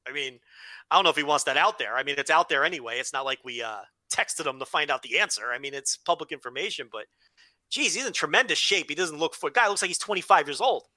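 A man co-hosting a podcast in rambling, animated casual chat, with frequent restarts and swearing. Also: fairly high pitch, quick pace, dry recording. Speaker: podcast co-host.

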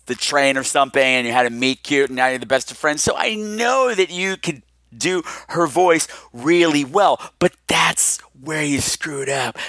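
A man hosts a podcast in a campy, teasing, theatrical way. His voice sits high and bright and swoops around a lot. The sound is dry and close. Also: no echo. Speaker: podcast host. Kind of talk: casual podcast monologue.

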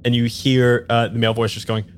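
A man's voice: medium pitch, a little fast, slight background noise. Easygoing man narrating as game master. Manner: relaxed, descriptive, with uh fillers.

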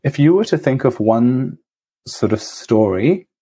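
A man who is a podcast guest, chatting casually and speaking thoughtfully and hesitantly, with many pauses and ums. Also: medium pitch, expressive, mellow, slightly rough. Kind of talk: casual chat.

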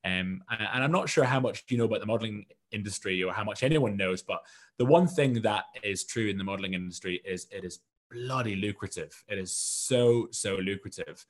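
Speaking a little fast in a lowish voice, a man from the United Kingdom shares his story as a guest entrepreneur in an interview. His casual storytelling rambles and leans self-deprecating.

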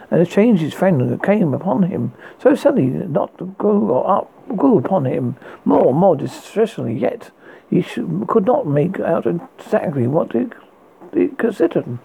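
A man reads a ghost story aloud, stumbling and restarting now and then. His voice is gravelly, dark and husky. His pitch rises and falls a lot as he goes. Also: very animated, measured pace, low-quality recording. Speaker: story reader.

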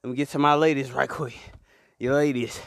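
A man's voice: medium pitch, fairly even intonation, fairly quick, creaky, no room sound. A man delivering a comedic mock sermon on a clip-on mic, with a preacher's rhythm and call-and-response to the listeners, laughing often. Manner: laughs often between lines.

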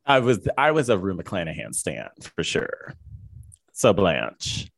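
A man's voice: sits low, wildly swooping pitch, takes it slowly, gravelly. A man guesting on a casual podcast, blunt and sassy, swearing freely. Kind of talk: casual chat.

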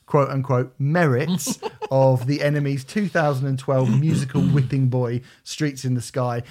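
A man's voice: mid-range voice, darkish tone. A man hosting a music podcast, chatting in a jokey way and laughing often. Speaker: podcast host. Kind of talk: casual chat.

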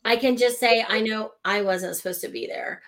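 A middle-aged woman from Oklahoma telling her personal story in conversation, animated and laughing between lines. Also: on the high side, moderate pace, poor audio.

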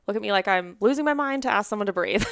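A woman's voice: mid-range voice, lively intonation, fast talker, gravelly, fairly bright tone, no room sound, clean studio sound. A woman therapist chatting on a podcast, full of "like" fillers, acting out what clients say and laughing often. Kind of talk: casual podcast conversation.

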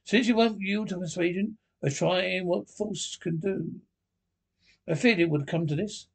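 A man's voice: sits high, a little slow, gravelly, breathy edge, exaggerated voice. A man voicing a stern elderly male badger who lectures firmly, in a storybook reading. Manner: lecturing, firm.

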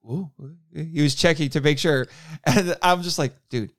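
Male podcast co-host from Indiana, higher voice, animated teller of stories. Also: normal speed, dry recording, clean studio sound. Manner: animated storyteller, laughs often, acts out quotes. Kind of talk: casual chat.

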